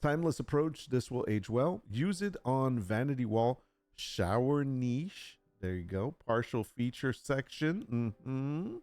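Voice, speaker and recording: Lively, chatty male streamer. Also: mid-range voice, unhurried, no echo. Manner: chatty, reads aloud, jokes with chat. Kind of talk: casual live-stream chat.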